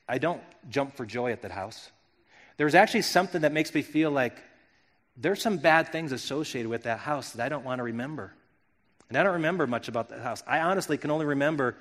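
A man's voice: a little high, fairly bright tone. A middle-aged man from Wisconsin preaching a sermon, earnest and reflective, often restarting his phrases. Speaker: pastor. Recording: long hall reverb.

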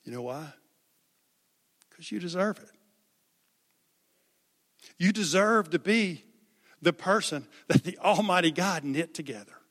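A man's voice: high voice, expressive, unhurried, pauses often, fairly bright tone. A male preacher giving an impassioned sermon, repeating phrases for emphasis. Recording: long hall reverb.

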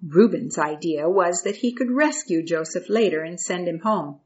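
A woman reading a Bible story aloud in a calm, steady storytelling voice. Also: fairly low pitch, normal speed, few pauses, muffled recording.

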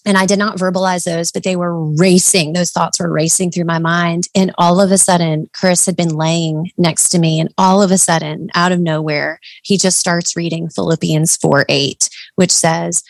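Low-voiced earnest woman, dry sound. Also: level tone, normal speed, hardly any pauses, no echo. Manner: earnest and reflective, with many fillers. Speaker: podcast co-host. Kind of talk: casual faith chat.

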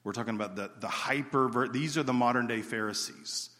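A man preaching and telling a story in a lively way, acting out the quotes. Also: medium pitch, fairly quick. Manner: animated storyteller, acts out quotes. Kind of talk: sermon storytelling. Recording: reverberant hall.

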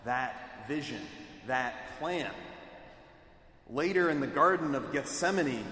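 A man preaching a sermon in a measured, emphatic way, voicing quoted speech with dramatic weight. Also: a little high, fairly bright tone. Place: church sanctuary. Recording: echoey hall, mic at a distance.

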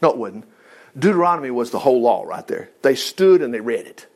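Animated folksy man teaching Bible. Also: mid-range voice, fast. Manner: folksy, jokey, reads scripture aloud and acts out quotes. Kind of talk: informal Bible study teaching.

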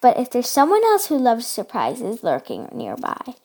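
A woman's voice: fairly high pitch, wildly swooping pitch, moderate pace, creaky, a little mellow, slightly rough, exaggerated voice. A woman reading the lines of a sneaky male fox thief from a storybook, scheming and gleeful. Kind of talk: storybook read-aloud.

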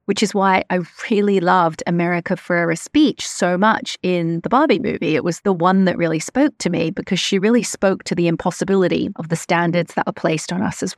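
A woman's voice: fairly low pitch, no echo, clean studio sound. Earnest woman hosting a podcast. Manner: earnest, reflective, measured. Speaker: podcast host. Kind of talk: solo podcast monologue.

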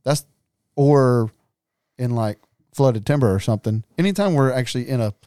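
A man with a drawl talks hunting gear in an easygoing, rambling way. His voice is smooth and clean, recorded close and dry with no room sound. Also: mid-range voice, expressive, normal speed, warm tone, dry recording. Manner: laid-back, rambling, laughs often. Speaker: podcast co-host. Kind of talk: casual chat.

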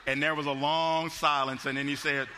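A man's voice: a little high, level tone, moderate pace, long reverb tail, background noise. A man preaching a sermon, telling a folksy story with frequent restarts and repeated words.

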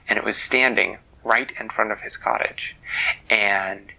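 Male bedtime storyteller, playful and hushed, gravelly edge. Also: fairly low pitch, steady tone, unhurried, poor audio. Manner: gentle and playful, drops to hushed whispers.

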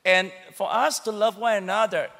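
Bright-voiced male pastor preaching. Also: high voice, steady tone, normal speed. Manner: conversational, calls for congregation responses. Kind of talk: sermon. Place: church hall. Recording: echoey church hall.

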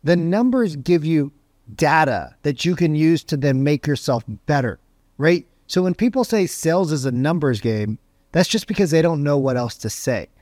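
Energetic man coaching sales, slightly high voice. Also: normal speed, no room sound, clean studio sound. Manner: energetic and conversational, tags lines with "right?"; acts out phone calls in animated voices. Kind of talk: motivational sales teaching.

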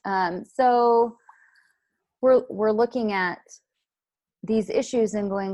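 A woman's voice: mid-range voice, takes it slowly, pauses often, mellow, no echo. A woman who leads a nonprofit program, answering interview questions in an earnest, explanatory way with many fillers.

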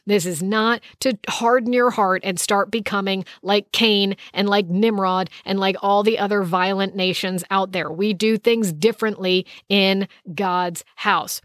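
A woman's voice: mid-range voice, fairly even intonation, a little slow, hardly any pauses, fairly bright tone, no echo, studio quality. A woman teaching a Bible study lesson, reading verses aloud and explaining them in an emphatic, conversational way.

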